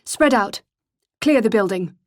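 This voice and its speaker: A woman's voice: on the high side, lively intonation, a little slow. A woman reading the part of a cold, ruthless male gang leader with a clipped, educated English accent and a curt, menacing way of speaking. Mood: commanding.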